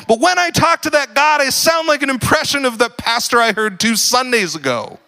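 A man's voice: very high-pitched, fairly quick, hardly any pauses. Casual joking young preacher man. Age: young adult. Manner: casual, joking, filler-heavy, rising to animated emphasis. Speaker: pastor. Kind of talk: sermon.

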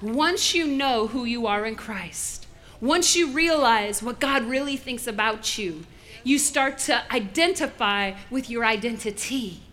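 A woman pastor preaching a lively sermon, playful and animated, calling on the congregation to respond. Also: on the high side, unhurried, some chatter behind.

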